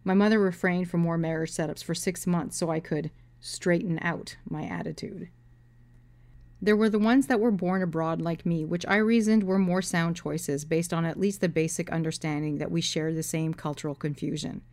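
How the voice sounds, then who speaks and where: A woman's voice: lowish voice, fairly even intonation, normal speed, a little mellow. A woman in her thirties, an author, telling her own story with dry humor and reading from her novel. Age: 30s.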